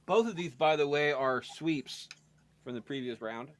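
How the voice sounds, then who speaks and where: A man's voice: on the high side, moderate pace. A man hosting a casual podcast, joking and tripping over his words as he runs through the picks. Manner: joking, stumbles and repeats words. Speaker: podcast host running the bracket.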